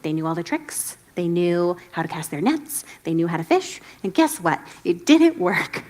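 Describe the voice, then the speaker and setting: A woman's voice: on the low side, big pitch swings, normal speed, darkish tone. A woman pastor giving a casual sermon, chatty and self-deprecating, laughing often and acting out the quotes. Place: church stage.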